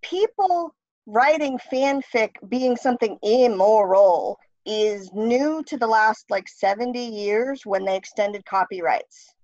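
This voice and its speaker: A woman's voice: on the high side, slow pace, darkish tone, dry recording. A woman guest author talking in a casual interview, blunt and wry. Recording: dry, dull lo-fi sound.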